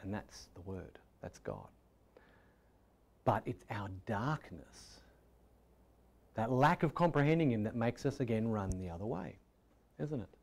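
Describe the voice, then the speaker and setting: A man preaching a sermon in a conversational way, asking rhetorical questions and often dropping to a soft, quiet tone. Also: mid-range voice, big pitch swings, normal speed, creaky. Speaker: pastor.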